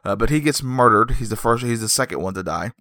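A man giving a rambling, jokey recap of a horror film as a movie reviewer, with deadpan asides. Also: medium pitch, fast talker, no echo, clean studio sound.

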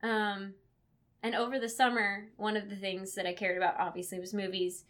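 A woman co-hosting a podcast in casual chat, trading wry, quick deadpan quips. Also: medium pitch. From Kansas, United States. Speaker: podcast co-host.

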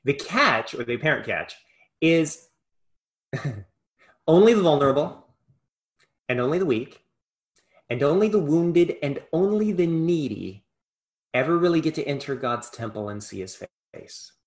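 Impassioned male preacher, slightly high voice. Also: expressive, measured pace, pauses often. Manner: impassioned, swings between loud and hushed. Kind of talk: sermon.

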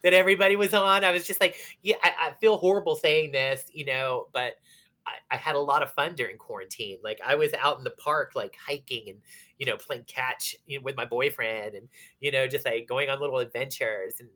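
A woman's voice: a bass voice, fairly quick. A woman from Pittsburgh, a bar manager, telling stories casually in an interview with lots of fillers and acted-out quotes. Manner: animated, acts out quoted dialogue, many fillers.

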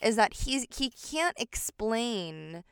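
Woman, casual chat, animated and laughing, smooth clear voice, dry close sound. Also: a little high, takes it slowly, dry recording. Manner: animated, laughs often, frequent fillers. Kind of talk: casual chat reviewing a show.

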